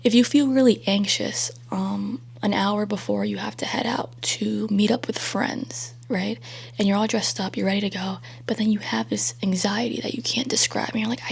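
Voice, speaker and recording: A young woman vlogger talking through self-help ideas in a soft, half-whispered, reassuring way, rambling loosely with lots of fillers. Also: mid-range voice, flat delivery, moderate pace, vocal fry, breathy edge. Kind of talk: casual self-help chat.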